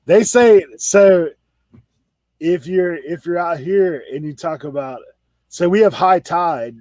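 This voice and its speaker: A man's voice: high voice, takes it slowly, darkish tone, dry recording. Male reseller host, drawl, casual banter, fillers galore, dry close mic. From Outer Banks, North Carolina. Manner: chatty, laughs often, says "like" a lot. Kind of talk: casual chat on a video call hangout.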